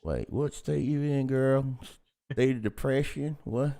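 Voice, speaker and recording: A man voicing a rowdy, crude Southern redneck with a loud drawling Southern accent, playful and teasing. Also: mid-range voice, measured pace, creaky.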